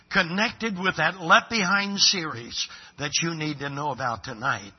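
A husky, fairly high-voiced man preaching a revival sermon. He tells stories, dropping to a hush and then rising to emphatic lines. The recording sounds dull and lo-fi. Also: unhurried, few pauses. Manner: storytelling, swinging between hushed and emphatic.

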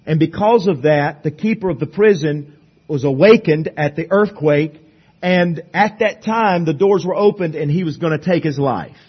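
A male pastor preaching a sermon at a church service, emphatic, swinging between loud declarations and hushed asides. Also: on the high side, moderate pace, breathy edge, lo-fi sound.

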